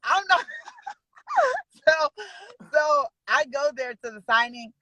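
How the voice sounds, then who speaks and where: A woman's voice: sits high, steady tone, slow, bright, forceful tone, no room sound, low-quality recording. A woman from Sacramento, California, chatting as a student on a video call, retelling her story with quoted dialogue and giggles. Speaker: caller and student signing agent. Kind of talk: casual chat on a video call.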